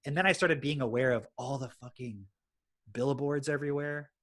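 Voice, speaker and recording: A man's voice: medium pitch, moderate pace. A man, a podcast host telling his story in casual chat and swearing freely. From Texas. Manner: swears freely, animated retelling.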